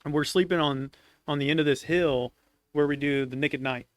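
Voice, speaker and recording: A man telling an army story as a podcast guest, casual and animated, laughing as he goes. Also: a little high, fairly quick, dry recording. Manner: animated, laughs often while telling stories.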